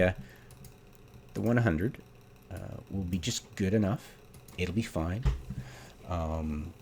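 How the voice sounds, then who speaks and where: Man, low and gravelly, casual game commentary, exasperated rant, faint keyboard hum behind. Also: darkish tone. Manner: exasperated, rhetorical questions, many ums. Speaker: game theorycrafter. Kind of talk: casual ranting commentary over gameplay.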